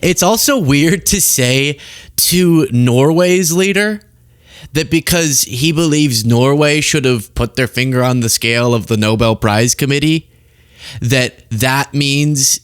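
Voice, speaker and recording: A man hosting a political commentary show, talking casually and sarcastically, sometimes jumping into high mocking voices. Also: lively intonation, unhurried, no echo, studio quality.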